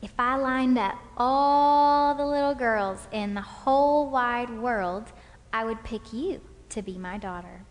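A woman voicing her father as a tender, affectionate dad who speaks low and hushed. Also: slow. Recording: long hall reverb.

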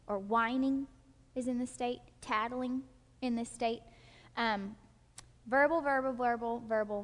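A woman with a high voice leads a live teaching session for a group, and her speech rings with a long hall reverb. She talks in an animated way, slips into short acted-out voices and keeps checking that her listeners follow along. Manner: animated, acts out quick quoted voices, checks in with listeners often. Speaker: workshop teacher.

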